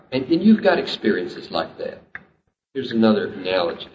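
A man's voice: fairly low pitch, sing-song, normal speed, a little mellow, far from the mic, a little hiss or hum. A man preaching a sermon as pastor, emphatic and climbing to impassioned peaks. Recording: roomy, dull live sermon recording.

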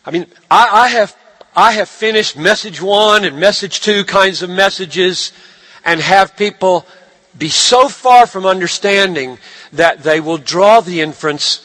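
A man preaching a sermon, animated, swinging from hushed lines to shouted ones. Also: high-pitched, measured pace. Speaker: pastor.

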